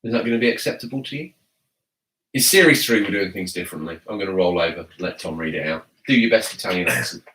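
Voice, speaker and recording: A man's voice: low voice, lively intonation, fast, a bit bright, far from the mic. A grown man hosting a casual live gaming podcast, teasing his co-host and reading chat messages aloud. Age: adult. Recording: echoey room, away from mic.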